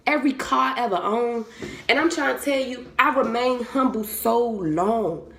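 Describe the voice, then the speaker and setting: A woman's voice: a little high, moderate pace, a bit bright. A young woman talking candidly and bluntly to her viewers, swearing freely and speaking from the heart. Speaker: vlogger. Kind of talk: candid motivational talk to camera. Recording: roomy echo.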